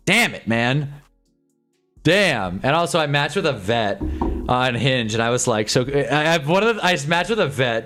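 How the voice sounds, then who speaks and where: A man's voice: mid-range voice, a bit bright. A young man in his twenties from Southern California, chatting casually on a live stream, rambling and joking with frequent laughs.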